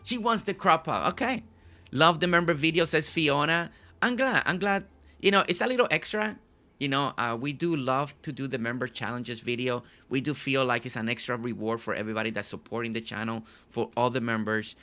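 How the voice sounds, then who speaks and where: A man's voice: medium pitch, a little fast, pushed and bright. A man hosting a live game stream, chatting casually with viewers, often repeating and restarting his phrases.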